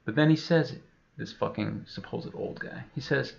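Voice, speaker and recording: Guy cursing his way thru a rambling funny story, bouncy pitch, muffled lo-fi sound. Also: lively intonation, a little fast, gravelly. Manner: profane, rambling, full of filler. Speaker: comedian.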